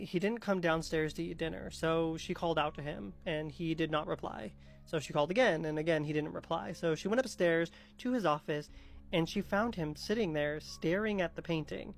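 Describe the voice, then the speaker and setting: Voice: mid-range voice, creaky. Chatty casual horror storyteller. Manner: chatty, many "like" fillers.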